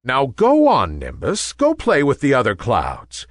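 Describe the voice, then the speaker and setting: A man's voice: medium pitch, huge pitch swings, unhurried, no room sound, clean studio sound. A man doing a wise kind sun. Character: grand kind male sun, calm and wise.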